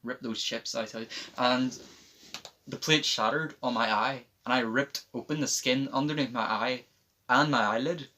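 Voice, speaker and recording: A man's voice: medium pitch, normal speed, pushed and bright, slight background noise, low-quality recording. Young man telling stories. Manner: swears often, tells stories with a dry, offhand tone. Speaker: podcast host. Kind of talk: casual chat.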